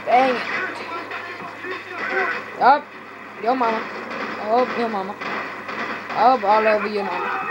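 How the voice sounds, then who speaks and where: A woman doing goofy, excitable gaming commentary on a headset, joking and laughing at herself. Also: fairly high pitch, slow, pauses often. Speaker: let's play gamer. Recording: game noise over the voice.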